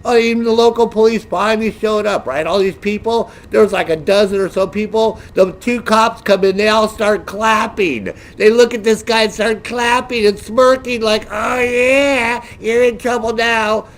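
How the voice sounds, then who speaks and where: A middle-aged man ranting casually with a lot of profanity, in a lively, mocking storytelling way. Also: sits high, normal speed, few pauses. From United States. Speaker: gaming streamer.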